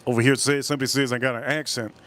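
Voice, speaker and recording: A man's voice: medium pitch, little pitch movement, fairly bright tone. Rambling Miami-accented man. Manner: rambling, drawn-out words. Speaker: live-stream host. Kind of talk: casual live-stream chat. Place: cold room at home.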